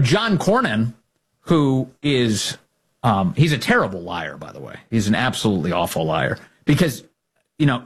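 A man's voice: medium pitch, breathy edge. A man giving sarcastic, mocking political commentary as a host.

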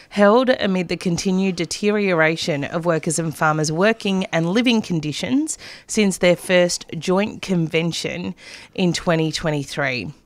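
Australian woman with a smooth low voice. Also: no echo. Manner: friendly, measured, slight restarts. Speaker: radio news host. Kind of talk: community radio news reading. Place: radio studio.

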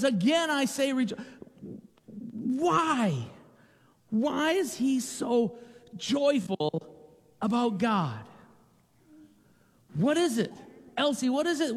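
A man giving a playful children's sermon with a naturally loud voice, asking the kids questions and joking with them. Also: extremely high pitch, in a large hall. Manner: playful, asks children questions, repeats jokes.

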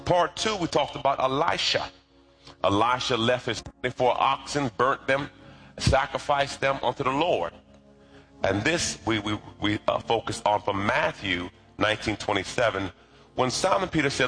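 A man's voice: mid-range voice, lively intonation, moderate pace, fairly bright tone, faint music behind. A middle-aged man preaching a sermon in a conversational, playful way, asking the congregation to repeat after him. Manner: conversational, playful, calls for responses. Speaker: pastor.

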